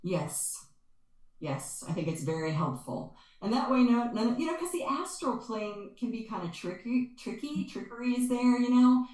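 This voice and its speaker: A woman's voice: fairly high pitch, lively intonation, moderate pace, darkish tone. A woman guest and spiritual energy healer, talking earnestly and expressively in an interview and repeating words for stress. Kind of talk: conversational interview, explaining and storytelling. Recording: echoey room.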